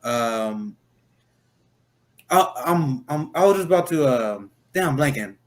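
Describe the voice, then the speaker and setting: A man's voice: fairly high pitch, animated, a little slow. A man with a Midwestern accent hosting a casual political roundtable, blunt and profane, rambling with restarts. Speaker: roundtable host.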